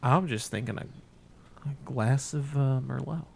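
Man chatting with halting restarts. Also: mid-range voice, gravelly. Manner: halting, many restarts, relaxed. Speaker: podcast co-host. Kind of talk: casual chat.

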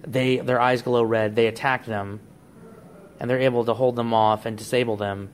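A man's voice: level tone, normal speed. A man hosting a casual podcast, eagerly laying out story ideas step by step. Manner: enthusiastic storyteller, pitching plot ideas. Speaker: podcast host.

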